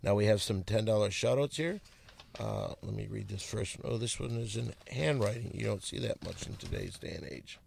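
A man's voice: lowish voice, fairly quick, vocal fry, darkish tone, husky. A brash man hosting a comedy podcast, reading listener letters aloud. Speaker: podcast host.

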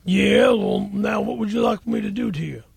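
A man's voice: high-pitched, animated, moderate pace, gravelly, darkish tone, husky, no room sound, heavily acted. A man voicing a crude Texan corn oil tycoon who stammers and drawls. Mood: fumbling.

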